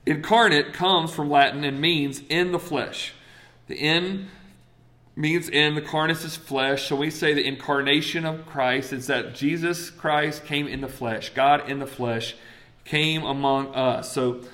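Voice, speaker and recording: A man's voice: on the high side, moderate pace. A man from South Carolina with a Southern accent, preaching a conversational sermon, reading scripture and acting out voices. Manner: conversational, animated, quotes scripture and acts out voices.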